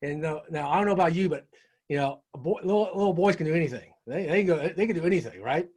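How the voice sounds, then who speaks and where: A middle-aged man telling a personal story in casual conversation as an interview guest, animated and peppering his talk with "right?". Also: fairly high pitch, quick pace, breathy edge. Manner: animated storyteller, frequent "right?" tag questions.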